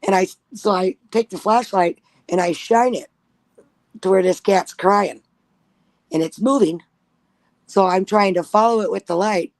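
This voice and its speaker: A woman's voice: medium pitch, measured pace, pauses often, no room sound. A woman telling a spooky personal story in casual chat, blunt and profane. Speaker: guest storyteller.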